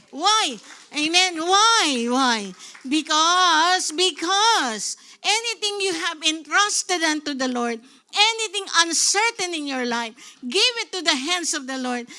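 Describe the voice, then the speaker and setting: Bright-voiced Filipino woman preaching. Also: high-pitched. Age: middle-aged. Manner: lively preaching, switching into Tagalog, calls of "Amen?". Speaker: pastor. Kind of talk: sermon.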